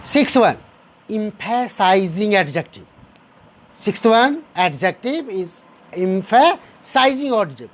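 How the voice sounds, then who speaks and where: Slow, lively-voiced male grammar teacher. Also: high voice. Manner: repeats example sentences, explains step by step; addresses listeners as dear students. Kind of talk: classroom grammar lesson.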